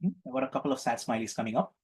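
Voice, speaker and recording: A man's voice: mid-range voice, very fast, a little mellow, breathy edge. A man leading an online group healing session on a video call, playful and teacherly, repeating his questions to the group. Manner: playful, repetitive teacherly prompting.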